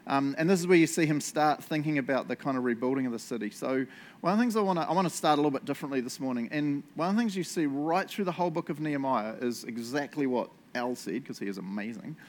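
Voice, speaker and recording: A man's voice: mid-range voice, lively intonation, fast. A male pastor giving a casual, conversational sermon and prayer, self-deprecating and often ending lines with "eh?" or "right?". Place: church.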